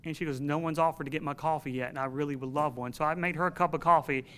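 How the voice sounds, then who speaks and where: Man, sermon, earnest, emphatic, slightly high-pitched, storytelling preacher. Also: fairly even intonation, fast talker, fairly bright tone, clear, resonant tone.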